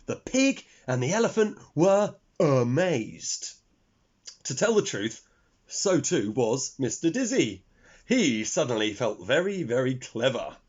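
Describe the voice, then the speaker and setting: Male storyteller for children; unhurried, husky, very lively pitch. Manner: expressive, talks to young listeners. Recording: dull lo-fi recording.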